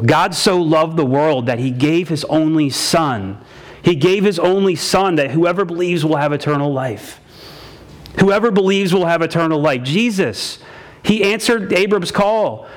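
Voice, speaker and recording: A man preaching a sermon as pastor, repeating each phrase for emphasis and calling his listeners guys and man. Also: fairly high pitch.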